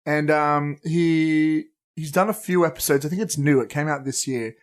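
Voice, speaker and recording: A man's voice: on the high side, normal speed. A man co-hosting a movie podcast in casual chat, rambling and swearing freely as he tells stories. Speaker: podcast co-host.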